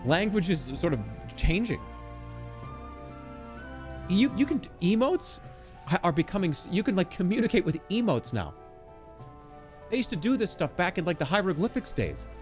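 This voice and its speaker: A man in his thirties chatting casually with his live chat, animated and jokey, swinging between loud outbursts and low mutters. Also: normal speed, long pauses, faint music behind. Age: 30s. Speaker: livestreamer.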